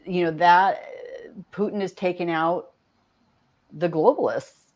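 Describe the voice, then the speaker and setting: Woman co-host with a lowish voice, earnest casual talk. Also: slow, a little mellow, lo-fi sound. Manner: earnest, lists facts, trails off and restarts. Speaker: podcast co-host. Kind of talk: casual chat.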